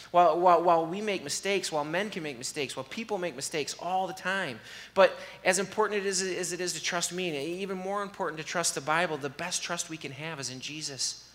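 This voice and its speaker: A man preaching an earnest, conversational sermon in a church and leading a soft, slow prayer. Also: sits high, in a large hall. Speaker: pastor. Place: church sanctuary.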